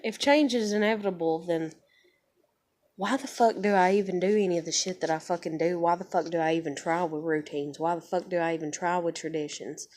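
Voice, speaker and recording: A woman's voice: on the low side, steady tone, fairly quick, a little mellow. A woman vlogger venting to the camera in a casual, frustrated rant that is full of swearing. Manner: frustrated, heavily profane ranting.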